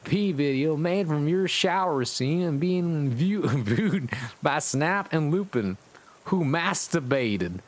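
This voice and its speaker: A man playing a surly gothic teen girl, Southern belle, put-on American Southern accent, slow drawn-out drawl, comic fan-fiction reading. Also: fairly high pitch, expressive, pitched above the performer's own voice. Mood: snippy. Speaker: streamer.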